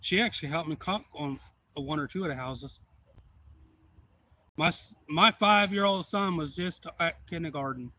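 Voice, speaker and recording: A man's voice: a little high, sharp tone, slight background noise, low-quality recording. A man, telling a rambling, profane story in a casual live-stream chat. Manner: rambling, blunt and profane, with heated retelling.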